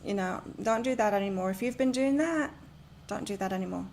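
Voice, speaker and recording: A woman's voice: medium pitch, a little fast, darkish tone, a little hiss or hum. A woman reading tarot and oracle cards on a live stream from her home, chatting and rambling as she gives spiritual advice. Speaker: tarot and oracle card reader.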